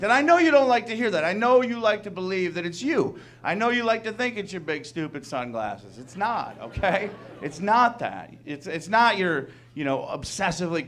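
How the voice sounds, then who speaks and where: Man doing stand-up, incredulous and animated. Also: a little high. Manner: conversational, incredulous, acts out dialogue in quick bursts. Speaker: stand-up comedian. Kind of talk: stand-up comedy set. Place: comedy club stage.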